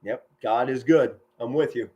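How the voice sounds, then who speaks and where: A middle-aged man giving excited live football play-by-play from home, shouting big plays and chatting warmly with his viewers. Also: medium pitch, normal speed, muffled recording. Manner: enthusiastic, yells touchdown calls, chatty and sentimental with viewers. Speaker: amateur play-by-play commentator streaming live.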